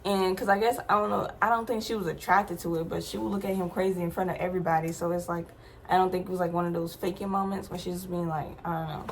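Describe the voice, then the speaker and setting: A woman's voice: fairly low pitch, steady tone, quick pace, slight background noise. A young adult woman vlogger telling a personal story in a casual, slangy, emphatic way, with many asides to her viewers.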